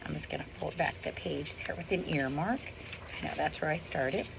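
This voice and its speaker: A woman's voice: deep voice, a little fast, vocal fry. A woman teacher reading a book aloud to her students, stopping to explain words and quiz them, outdoors on a windy day. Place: outdoors in the wind. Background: wind.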